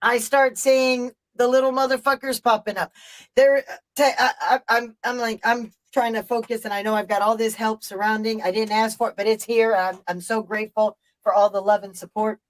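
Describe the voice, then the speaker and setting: Brisk and steady in tone, a middle-aged woman's voice sits on the high side as she hosts a live stream. The low-quality recording catches her telling a casual story with emphatic, profane rambling.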